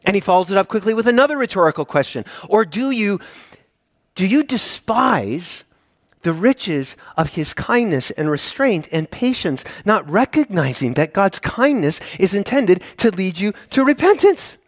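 Man preaching, kinda high voice, earnest, goes soft then builds up, dry close mic. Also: big pitch swings, normal speed, dry recording. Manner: earnest, swings between soft hushed lines and emphatic rising appeals. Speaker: pastor. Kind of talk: sermon.

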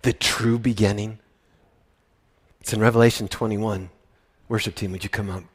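A man preaching a sermon to his congregation in a church, emotional, swinging from loud excitement to quiet, intimate prayerfulness. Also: fairly low pitch, normal speed, slightly rough. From United States. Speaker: pastor. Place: church sanctuary.

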